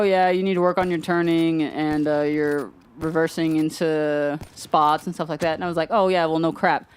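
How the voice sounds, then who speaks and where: Young man, casual rambling storyteller, smooth tone, dry close sound. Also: sits high, dry recording. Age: young adult. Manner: rambling, chatty, quotes others with "he was like". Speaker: gaming channel host.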